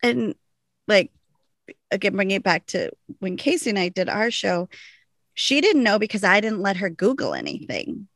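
A woman co-hosts a casual podcast recap, giggly and animated as she acts out lines from the show. Her voice has a gravelly fry to it, and the recording is dry and close with no room sound. She sits at a mid pitch for a woman. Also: moderate pace, no echo. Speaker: podcast co-host.

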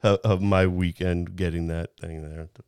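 A man's voice: low voice, level tone, moderate pace, darkish tone, smooth, no echo, clean studio sound. A man in his fifties telling a personal story in casual chat, rambling with frequent restarts and laughing at himself. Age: 50s.

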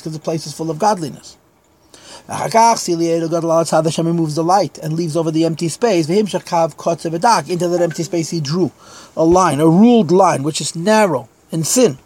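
Husky man teaching Hasidic text. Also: a little high, darkish tone. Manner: reads Hebrew phrases slowly, then explains in English. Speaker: Torah teacher. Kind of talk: Chassidic text class.

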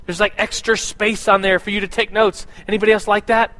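A man's voice: high voice, little pitch movement, fairly quick, sharp tone, rough recording. A man giving a casual, conversational sermon and church announcements, with a lot of fillers and restarts.

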